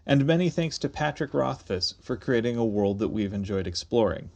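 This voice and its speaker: A man co-hosting a podcast in casual chat, joking and animated. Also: medium pitch, moderate pace, vocal fry. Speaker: podcast co-host.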